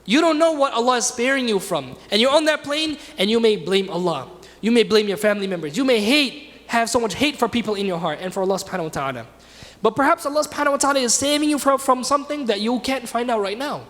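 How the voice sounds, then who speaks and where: A man's voice: extremely high pitch, animated, fast talker, fairly bright tone. A man teaching a religious class in a mosque, telling a story and asking his class questions in a conversational way. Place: mosque hall. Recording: reverberant hall.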